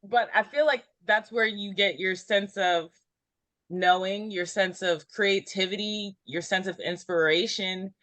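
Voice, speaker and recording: A woman giving an intuitive numerology reading in a casual group chat, meandering and filling pauses with ums. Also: mid-range voice, steady tone, a bit bright, dry recording. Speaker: numerology reader.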